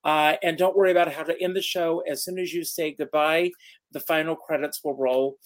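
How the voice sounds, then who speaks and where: A man's voice: fairly high pitch, steady tone, brisk. A man hosting an interview over a video call, enthusiastic and affirming. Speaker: host. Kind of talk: interview host.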